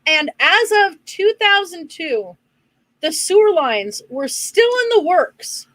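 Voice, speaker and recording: Lady cohost reading her crime notes, pretty high voice, dry close mic. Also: big pitch swings, slow, fairly bright tone, dry recording, low-quality recording. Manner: reads facts from notes, dry asides. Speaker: podcast co-host presenting research. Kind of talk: casual true-crime podcast chat.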